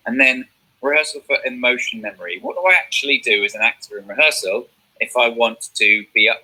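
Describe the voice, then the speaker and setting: A man's voice: medium pitch, pushed and bright, breathy edge, poor audio. A man teaching a drama revision lesson, explaining step by step and checking in with "okay?".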